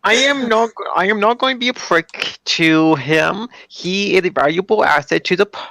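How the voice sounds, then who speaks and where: Bright, stammering male player. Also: high voice, moderate pace, gravelly, no echo. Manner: hesitant, stammering restarts. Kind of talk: casual tabletop game chat.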